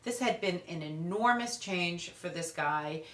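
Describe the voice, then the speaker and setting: A woman parenting expert tells lively anecdotes in a storytelling talk. Her voice sits fairly low but sounds bright and forceful. The room around her is echoey. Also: a little slow.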